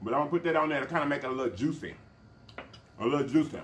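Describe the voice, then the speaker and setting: Animated high-voiced man hosting a mukbang. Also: rapid-fire. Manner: animated, excitable, calls out to viewers. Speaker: mukbang channel host. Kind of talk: casual mukbang vlog talk to viewers.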